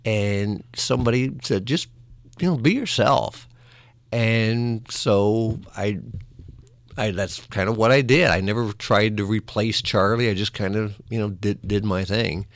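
A former morning radio host telling old stories in a relaxed conversational way, self-deprecating and laughing often, with small restarts. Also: male voice, lowish voice, measured pace, no echo, studio quality. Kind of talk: conversational storytelling.

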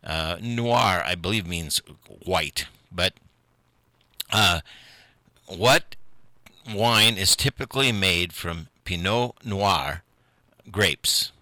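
A man's voice: low voice, drawn-out words, long pauses, bright, forceful tone, no echo. An older man, hosting a local radio show alone in a folksy, rambling, self-deprecating way, often chuckling. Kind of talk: rambling solo radio chat.

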